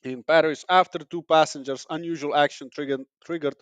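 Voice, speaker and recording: A young man hosts a comedy podcast, riffing sarcastically and rambling through fillers and restarts. His voice sits a little high for a man and lands dry and close, with no room sound around it. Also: steady tone, brisk, clear, resonant tone, dry recording. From Poland. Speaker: podcast host. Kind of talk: casual comedic monologue.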